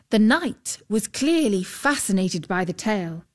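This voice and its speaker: A woman reading a fairy tale aloud as narrator, calm and measured. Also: mid-range voice. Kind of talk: scripted storybook narration.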